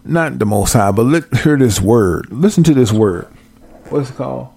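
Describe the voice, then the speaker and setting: This Bible teacher runs a casual study, reading scripture and talking directly to viewers with folksy animation. The close, dry recording captures a mid-range, gravelly voice thick with fry, moving at a normal speed.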